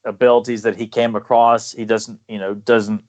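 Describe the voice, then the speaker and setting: A man's voice: on the low side, flat delivery, darkish tone. A man talking eagerly in a casual podcast chat, stopping and restarting his sentences often. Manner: enthusiastic, halting with many restarts. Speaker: podcast guest. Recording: dull lo-fi podcast audio.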